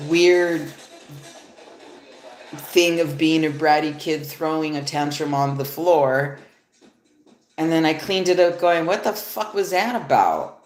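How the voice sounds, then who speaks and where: A woman with a low voice reads tarot cards on a live stream, speaking slowly and rambling, with the odd swear word. Her voice sounds echoey in the room, and faint music plays behind her. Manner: casual, rambling, swears freely. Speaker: tarot reader. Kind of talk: live-stream card reading.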